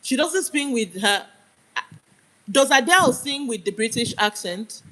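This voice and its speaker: A woman's voice: a little high, animated, measured pace, pushed and bright, poor audio. A young Nigerian woman with a Nigerian accent, ranting on a live stream in an emphatic, argumentative way and hammering her points home. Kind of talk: heated live-stream rant.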